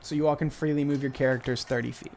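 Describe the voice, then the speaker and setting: A man's voice: medium pitch, fairly even intonation, quick pace, darkish tone, slight background noise. Casual young man running a tabletop game. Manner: casual, hesitant with many fillers. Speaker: game master.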